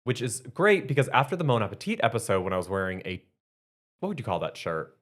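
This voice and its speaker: A man's voice: on the low side, sing-song, fast. Chatty man co-hosting a podcast. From Canada. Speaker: podcast co-host. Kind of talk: casual chat.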